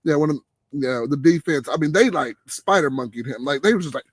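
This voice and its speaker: A man hosting a casual late-night chat, animated, his voice leaping high when he gets excited. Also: brisk, breathy edge, no echo. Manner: animated, exclaims with big pitch jumps when excited. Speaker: podcast host.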